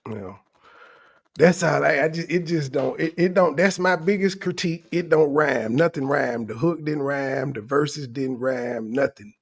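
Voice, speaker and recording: A young man with a notably high speaking voice riffs through a reaction video. He jokes, mocks and swears freely in loose, casual commentary. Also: measured pace, gravelly, rough recording. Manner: profane, joking, mocking. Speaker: commentary channel host.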